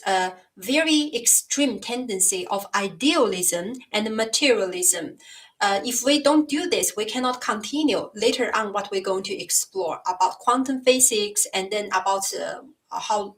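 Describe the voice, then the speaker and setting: A woman from China, a Mandarin native speaker with a Chinese accent, hosting a casual livestream chat and often pausing to search for words with many fillers. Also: medium pitch, fairly bright tone. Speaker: livestream host. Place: home, in Scotland.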